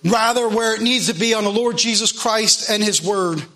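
Man, pastor, loud animated sermon, repeats himself, high bright voice. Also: moderate pace.

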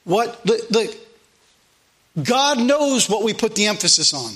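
A pastor preaches to his church in a high, ringing voice. He is earnest and conversational, circling back to repeat his points and slipping in plain asides. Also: sing-song, measured pace, a bit bright. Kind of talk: sermon. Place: church sanctuary.

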